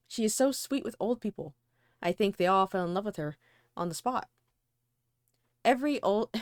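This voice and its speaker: A woman's voice: mid-range voice, no echo, studio quality. A woman reading a novel aloud for a casual book club, giggly between passages. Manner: giggly, reads long passages. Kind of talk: casual read-aloud and chat.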